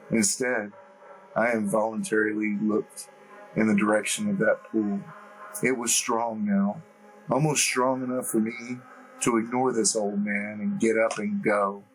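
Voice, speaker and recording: Man, audiobook narrator, first-person story, slow deliberate reading, low voice. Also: little pitch movement, faint music behind, poor audio.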